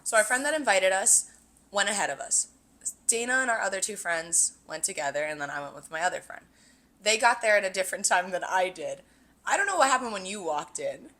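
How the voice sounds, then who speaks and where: Bright-voiced woman telling a story. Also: medium pitch, brisk. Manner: animated, laughs often, slips into quoted voices. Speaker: podcast co-host. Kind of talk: casual storytelling chat.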